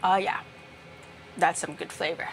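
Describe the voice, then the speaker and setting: A woman's voice: on the low side, fairly even intonation, a little slow, background noise. A woman chatting casually with viewers while she cooks on a live stream, swearing now and then. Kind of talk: casual chat while cooking. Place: home kitchen.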